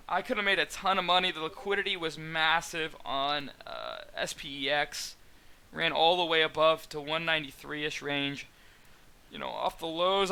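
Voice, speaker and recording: Bright-voiced young man recapping trades. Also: a little high, smooth. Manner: rambling, many fillers and restarts. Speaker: stock trading mentor. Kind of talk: casual trade recap to viewers.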